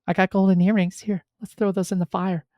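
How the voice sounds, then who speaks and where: Fickle ancient mob, squeaky and mocking, voiced by a man, goofy comic bit in a teaching, dry close sound. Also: flat delivery, fairly quick, dark tone, dry recording. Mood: giddy scheming. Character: fickle, excitable crowd of ancient idol-makers. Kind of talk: comic retelling in a Bible teaching.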